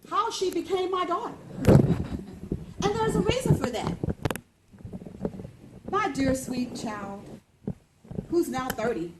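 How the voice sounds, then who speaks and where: A woman in her fifties telling a personal story as a speech, lively and acting out the voices. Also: roomy sound, slight background noise, low-quality recording. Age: 50s. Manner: animated, acts out voices with big pitch jumps.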